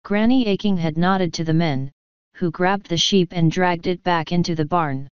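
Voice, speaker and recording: Woman narrator, audiobook, clear voice on a dull lo-fi recording. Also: on the low side, normal speed, dry recording.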